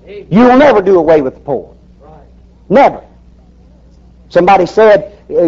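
A man's voice: high voice, very animated, moderate pace, pauses often, a little mellow. A man preaching a fiery sermon in an emphatic, folksy way, firing rhetorical questions at the congregation. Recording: dull lo-fi recording.

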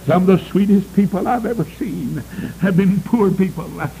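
A man preaching a revival sermon, breaking into sudden high shouted cries and saying "uh" before nearly every phrase. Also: normal speed, vocal fry, a little hiss or hum, poor audio.

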